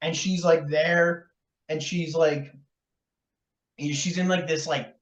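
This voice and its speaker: A man co-hosts a podcast, chatting loosely about a film with plenty of fillers and laughter. His voice sits fairly high, his intonation stays fairly even, and he speaks slowly. The recording sounds roomy, distant, and dull, with a lo-fi quality.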